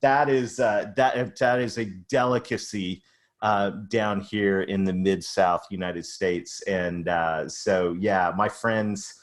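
A man from Ontario whose accent blends a Southern US drawl with Canadian tones, talking as a podcast guest. His voice sits fairly low, and he chats in an upbeat way, doubling back on his words as he goes. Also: fairly even intonation, slow pace. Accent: mixed Southern US and Canadian. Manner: chatty and upbeat, with frequent restarts and laughs. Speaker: podcast guest, revenue growth consultant. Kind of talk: casual podcast conversation.

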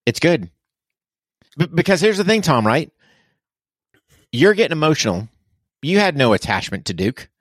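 A man's voice: a little high, sing-song, normal speed, long pauses, fairly bright tone, dry recording, studio quality. A military veteran man speaking candidly as a podcast guest, blunt and earnest. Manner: blunt, earnest, swears casually.

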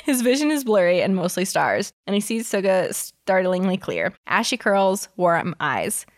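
A woman's voice: medium pitch, big pitch swings, measured pace. A woman reading fan fiction aloud in a casual way, giggling often and breaking in with chatty asides. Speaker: reader.

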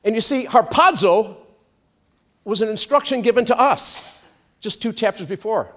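A man preaching a sermon, stretching out words for emphasis and drawing responses from the congregation. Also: sits high. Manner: animated, drawn-out emphatic preaching with call-and-response. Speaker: pastor.

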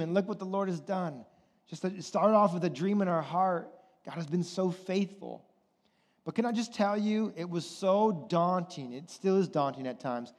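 A man's voice: high-pitched, darkish tone. A man in his thirties, a pastor preaching a sermon in a conversational way, often checking in with "right?". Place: church sanctuary. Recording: long hall reverb.

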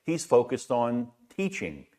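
A man's voice: medium pitch, wildly swooping pitch, unhurried, dark tone. A middle-aged man preaching a sermon in a conversational way, asking rhetorical questions and often repeating words. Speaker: pastor.

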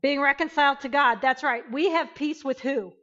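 A woman teaching an interactive Bible lesson, emphatic and animated, questioning her class. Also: sits high, normal speed, lo-fi sound.

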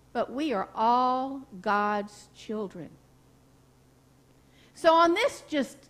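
A woman pastor preaching a sermon, telling stories in a folksy way and asking the congregation questions. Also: fairly high pitch. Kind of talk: sermon with storytelling. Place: church sanctuary.

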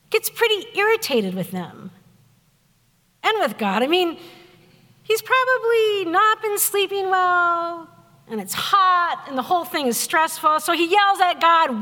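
A woman pastor giving a sermon in a conversational, wry storytelling way, acting out quotes with lively voices. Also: very high-pitched, a little slow, big-room sound. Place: church sanctuary.

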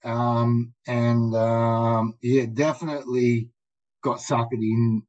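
An Australian man telling rambling, profane skydiving stories in casual, animated talk, full of "mate" and "dude". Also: mid-range voice, slow. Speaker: guest, skydiver. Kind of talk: casual storytelling. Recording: muffled lo-fi audio.

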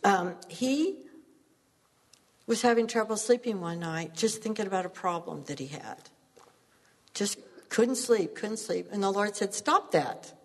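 A woman's voice: medium pitch, a little slow, pauses often, big-room sound. A woman preaching a sermon, telling stories earnestly and laughing at herself now and then.

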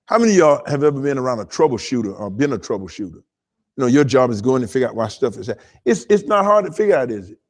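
A man's voice: mid-range voice, very animated, rapid-fire. A man preaching a sermon as pastor, calling on the congregation to talk back and repeating words as he builds emphasis. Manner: call-and-response preaching to a congregation; stammering repetitions while building emphasis.

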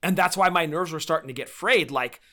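A man's voice: on the high side, fairly quick, bright, forceful tone. A man co-hosting a podcast, chatting casually and with enthusiasm about collectible figures. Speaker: podcast co-host. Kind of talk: casual chat.

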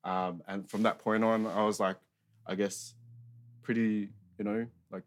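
His voice is on the low side, level in tone and a little slow: a young Australian man casually recounting his life story as a guest. He rambles, swears freely, and uses lots of filler words.

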